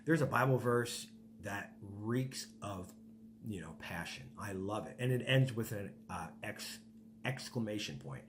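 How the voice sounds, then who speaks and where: A man's voice: lowish voice, animated, a little slow. Emphatic male pastor with faint hum. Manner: emphatic, rhetorical "right?" tags, repeats words. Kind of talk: podcast sermon.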